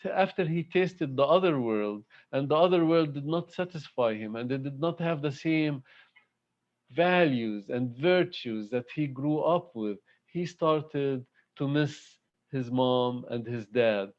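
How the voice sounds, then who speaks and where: A man speaks at an online devotional gathering, drawing out his words slowly and haltingly. His tone is heartfelt, with frequent pauses and fillers. The sound is dull and lo-fi, like audio from a video call. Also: medium pitch. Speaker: satsang speaker. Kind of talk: devotional talk.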